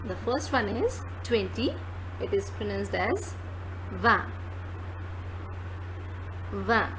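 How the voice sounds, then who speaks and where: A woman's voice: medium pitch, big pitch swings, unhurried, a little hiss or hum, poor audio. A woman teaching numbers, saying each one twice, plainly. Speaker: French teacher. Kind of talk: slow spoken lesson with repetitions.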